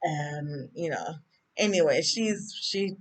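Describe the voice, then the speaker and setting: A woman's voice: low voice, animated, slow. Chatty woman rambling through a TV recap. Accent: Jamaican. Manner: chatty, rambling, goes off on tangents; acts out characters' lines while retelling. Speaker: TV recap vlogger. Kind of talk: casual episode recap.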